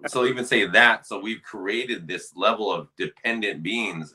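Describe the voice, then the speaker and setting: A laid-back man chatting on a podcast, agreeing often and laughing easily. His voice is very low yet has a bright, forceful edge. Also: animated, moderate pace, few pauses. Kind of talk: casual podcast chat.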